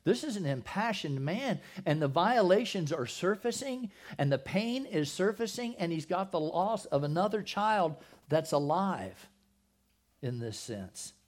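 A man's voice: high voice, sing-song, measured pace. A man preaching a sermon in a conversational way, with joking asides to the congregation. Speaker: pastor.

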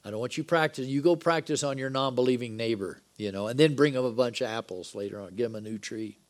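A man's voice: medium pitch, fast talker. A man preaching a Bible-study sermon in a conversational way, dropping joking asides between the scripture passages. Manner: reads scripture dialogue with lively emphasis.

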